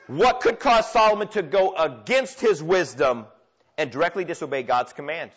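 A man preaching a sermon as pastor, swinging between loud emphatic declarations and quiet, intimate asides. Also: high voice, animated, moderate pace, husky. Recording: dull lo-fi church recording.

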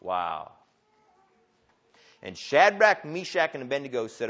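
A man preaching a sermon, telling a story with big swings from quiet asides to loud, excited lines. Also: mid-range voice, brisk. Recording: dull lo-fi sound.

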